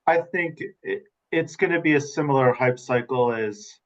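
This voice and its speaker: A man's voice: medium pitch, normal speed, lo-fi sound. A man speaking as a webinar panelist over a video call, casual and loose, trailing off into hedges and asides.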